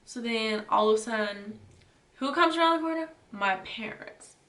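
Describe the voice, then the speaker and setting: A woman's voice: a little high, expressive, normal speed, fairly bright tone, recorded from a distance. A young woman casually telling a storytime, talking loosely with lots of filler words. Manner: chatty, filler-heavy retelling with lots of "like" and "you know". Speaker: vlogger. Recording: roomy echo, voice away from the mic.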